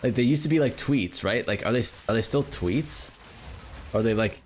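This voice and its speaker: An American man talks to his stream viewers in a rambling, unpolished way. He uses a lot of fillers, drops swear words easily, and keeps an ordinary middle pitch. A faint ambient noise sits under his voice. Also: normal speed. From United States. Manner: rambling, filler-heavy, swears and laughs often. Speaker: game streamer. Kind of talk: casual livestream chat with viewers.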